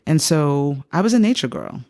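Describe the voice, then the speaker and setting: A woman in her fifties tells her story to an interviewer, with a voice that swings widely in pitch. There is a gravelly edge underneath. She jumps into the voices of the people she quotes. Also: moderate pace. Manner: animated, acts out quoted speech with big pitch jumps. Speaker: psychotherapist guest.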